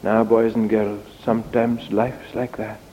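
A man preaching a children's sermon, telling a story in an animated, sing-song way. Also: fairly low pitch, a little slow, in a large hall, lo-fi sound, a little hiss or hum. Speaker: preacher giving a children's talk.

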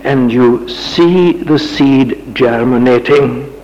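Slow, dramatic male preacher in a reverberant church. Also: mid-range voice, highs cut off, a little hiss or hum. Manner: dramatic preaching with rising rhetorical questions and sudden soft passages. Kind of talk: sermon.

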